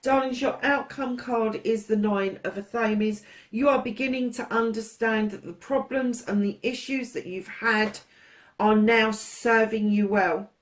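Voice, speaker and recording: A woman's voice: on the high side, fairly even intonation, unhurried. A woman reading tarot cards for her viewers in a chatty, affectionate way, calling them darlings and swearing freely. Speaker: tarot reader. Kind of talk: casual tarot reading to camera.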